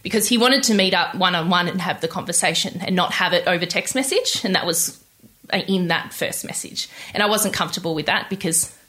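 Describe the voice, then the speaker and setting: A young woman telling her personal story in an interview, candid and halting, with many restarts. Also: lowish voice, pushed and bright. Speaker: interview guest.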